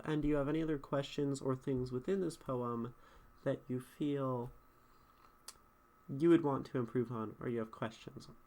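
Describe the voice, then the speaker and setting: Streamer, male, mid-pitched, casual poetry feedback, talks through his thinking, keeps tossing "right?" to chat. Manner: thinking aloud, asks chat questions with many "right?"s.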